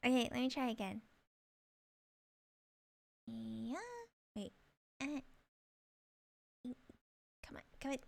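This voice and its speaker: Playful high-voiced woman streaming a game. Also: steady tone, slow, vocal fry, long pauses, fairly bright tone. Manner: playful, giggly, chatting to viewers. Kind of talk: casual live-stream chat and reading game lines. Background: game music.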